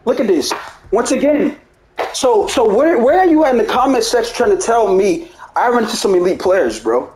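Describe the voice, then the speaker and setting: Extremely high-pitched yet a little mellow, this gaming YouTuber speaks at normal speed in an animated way. He's heated, swearing through a repetitive gameplay rant to viewers and ending lines with "bro." An echoey room, a little hiss or hum, and poor audio mark the recording.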